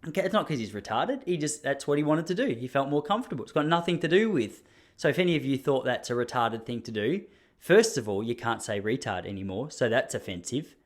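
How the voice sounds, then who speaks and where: Animated Australian man telling a ranting story. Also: mid-range voice, a little fast. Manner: animated and ranting, with mock outrage. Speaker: podcast host. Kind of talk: casual storytelling monologue.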